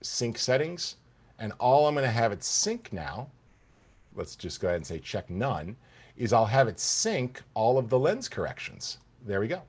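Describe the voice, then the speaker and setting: A man teaching photo-editing software in an enthusiastic, conversational tutorial, talking straight to the viewers. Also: mid-range voice, big pitch swings, normal speed, husky. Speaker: software instructor. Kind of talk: screen-recorded software tutorial.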